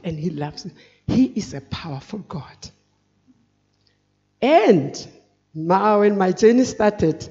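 A woman preaching an earnest, halting, emotional personal testimony. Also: on the low side, lively intonation, dark tone. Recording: dull recording in a reverberant hall.

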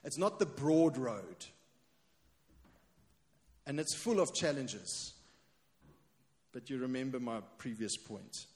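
A man's voice: mid-range voice, expressive, takes it slowly, long pauses, a little mellow. A man preaching a sermon as pastor, emphatic and repeating his key refrain. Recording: long hall reverb.

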